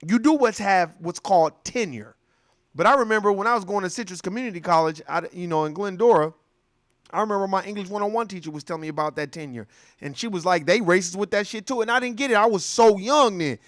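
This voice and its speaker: Animated man telling stories. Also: sits high, fast talker, no echo, studio quality. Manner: animated storytelling, acts out voices. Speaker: commentator. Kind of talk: casual profane monologue.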